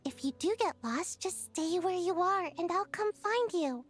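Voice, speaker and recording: A woman's voice: extremely high pitch, animated, moderate pace. A motherly little girl. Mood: caring. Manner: fussing, caring. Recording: game audio with music behind.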